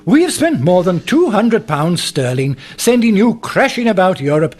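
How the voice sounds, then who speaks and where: An actor playing a stern, scolding police superintendent in a radio drama. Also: male voice, sits high, sing-song, moderate pace, a little mellow. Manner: authoritative, scolding. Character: stern, blustering male police superintendent, older.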